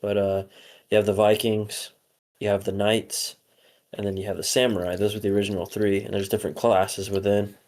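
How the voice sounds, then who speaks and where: A man's voice: on the low side, flat delivery, a little fast, a little mellow. A young man co-hosting a podcast, chatting casually, rambling with lots of fillers and frequent swearing. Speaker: podcast co-host.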